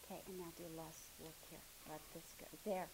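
A woman's voice: sits low, steady tone, a little fast, noisy background. A woman instructing a movement class hands-on, coaxing and encouraging, often dropping to a near murmur as she moves around the room.

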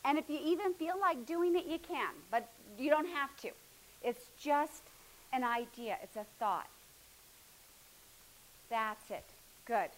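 A woman's voice: high-pitched, expressive, unhurried, pauses often, rough recording. A woman instructing a movement class hands-on, coaxing and encouraging, often dropping to a near murmur as she moves around the room.

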